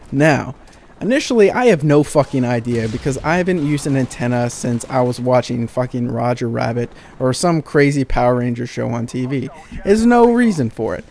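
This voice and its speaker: A man's voice: mid-range voice, animated, normal speed, creaky, a little mellow. Sarcastic young man ranting, faint hiss. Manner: sarcastic, profane, exasperated. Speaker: gaming channel commentator. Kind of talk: ranting storytime over gameplay.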